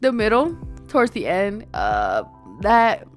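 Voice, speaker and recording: A woman hosting a reaction video in casual, excitable talk, gasping, repeating herself and slipping into slang. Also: medium pitch, takes it slowly, faint music behind. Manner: slangy, says "bro" and "y'all".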